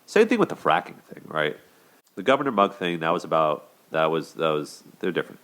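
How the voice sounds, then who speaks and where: A man's voice: very deep voice, very animated, fairly quick, fairly bright tone. A man hosting a show, giving casual commentary on relationships in a conversational way, with plenty of fillers and restarts. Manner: conversational, many "you know" and "like" fillers and restarts. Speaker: host.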